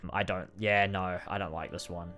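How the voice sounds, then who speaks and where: Fed up guy ranking episodes, kinda low voice, swears a lot, faint music behind. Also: steady tone, moderate pace, a bit bright. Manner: exasperated, frequent swearing and sighs. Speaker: video creator ranking episodes. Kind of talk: casual ranking commentary.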